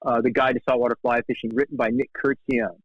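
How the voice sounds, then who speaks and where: A man in his fifties telling fishing stories. His voice is animated, and he jumps up high in pitch whenever he acts out someone he is quoting. The sound is dull and very dry. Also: quick pace, breathy edge, dry recording. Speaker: guest, fly fishing guide. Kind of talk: casual storytelling in conversation. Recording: dull, dry podcast audio.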